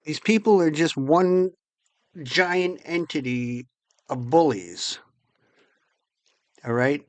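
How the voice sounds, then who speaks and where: A man's voice: a little high, expressive, takes it slowly, long pauses, dry recording. A man ranting angrily and profanely to his viewers as host of his channel. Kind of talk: angry monologue to camera.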